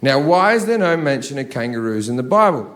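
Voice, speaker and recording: A man's voice: medium pitch, sing-song, fairly quick. A man in his thirties doing a profane, ranting stand-up comedy set on a theatre stage into a handheld mic. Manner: profane, ranting, ramps up to shouting. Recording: live theatre with audience. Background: audience laughter.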